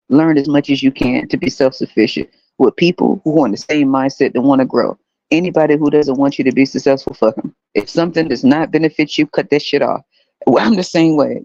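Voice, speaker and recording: A woman's voice: very deep voice, mellow, no room sound, lo-fi sound. A woman in her thirties hosting a podcast, talking blunt and profane, mocking others and laughing. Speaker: podcast host. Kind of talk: casual solo commentary.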